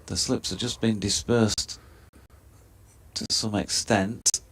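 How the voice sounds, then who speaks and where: A man giving measured ball-by-ball cricket commentary, describing each delivery in detail. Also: lowish voice, steady tone, breathy edge.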